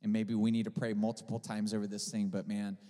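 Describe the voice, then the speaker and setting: A male pastor preaching a sermon, impassioned at times and quiet and storytelling at others. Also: lowish voice, completely flat delivery, fast talker. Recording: long hall reverb.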